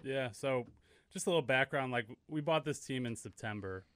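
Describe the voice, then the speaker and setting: A man's voice: mid-range voice, moderate pace, fairly bright tone, no echo. A man being interviewed on sports radio as a team owner and coach, upbeat and promotional. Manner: upbeat, promotional, explains plainly.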